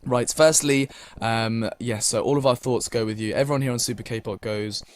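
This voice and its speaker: A man's voice: mid-range voice, steady tone, normal speed, dry recording. A young British man as a radio DJ, reading listener messages in a polite, casual way with many fillers. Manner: polite, filler-heavy, many thank-yous.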